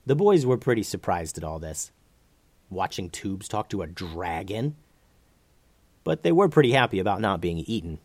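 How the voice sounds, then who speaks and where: An expressive man reading a story. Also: low voice, normal speed, no echo. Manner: expressive, animated. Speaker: narrator.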